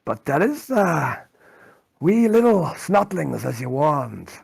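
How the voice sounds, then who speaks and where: A man's voice: fairly high pitch, sing-song, slow, vocal fry, a little mellow, slightly rough, voice pushed up, full character voice. A man voicing a grizzled male veteran interrogator in a put-on Scottish accent, blunt and crude. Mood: reporting.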